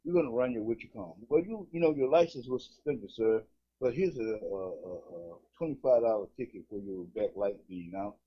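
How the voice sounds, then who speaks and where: A man, co-hosting a casual podcast, telling animated stories and acting out voices. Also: on the low side, a little fast, slightly rough. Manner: animated storytelling, acts out cops, swears a lot. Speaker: co-host. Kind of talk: casual comedic podcast banter. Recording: dull lo-fi recording.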